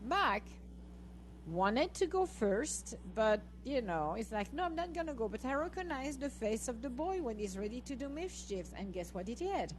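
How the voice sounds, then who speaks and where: A middle-aged podcast host tells a funny story in casual chat, animated and often laughing as she acts out the lines she said to the dogs. Her voice is on the high side and a little slow, and the audio is poor with slight background noise.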